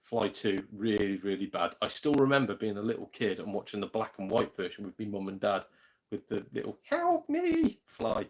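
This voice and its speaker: A man's voice: lowish voice, steady tone, fairly quick. A man with a British accent chatting casually on a live stream from home, rambling, mildly swearing and reacting to viewer comments. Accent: British English. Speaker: gaming channel host.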